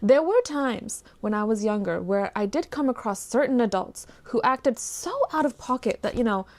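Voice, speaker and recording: Exasperated woman ranting with lively pitch. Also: moderate pace. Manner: exasperated, animated, swings from low mutters to loud outbursts. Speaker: commentary vlogger. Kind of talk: ranting commentary on a news story.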